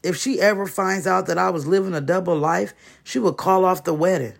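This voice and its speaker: A man's voice: high voice, a little fast, creaky, pitched above the performer's own voice. A man voicing an evasive, two-timing fiancé who speaks in a placating way.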